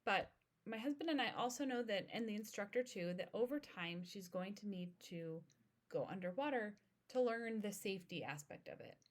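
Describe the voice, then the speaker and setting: A woman in her thirties hosting an educational podcast, speaking in a calm, steady, instructive way. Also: medium pitch, moderate pace. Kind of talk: informational podcast monologue.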